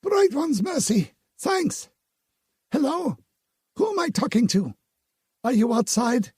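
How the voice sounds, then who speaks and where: A man's voice: very high voice, very animated, takes it slowly, a little mellow, breathy edge, no room sound, studio quality, voice pushed up, full character voice. A man voicing a frightened woman who calls out urgently over a distorted radio line. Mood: relieved.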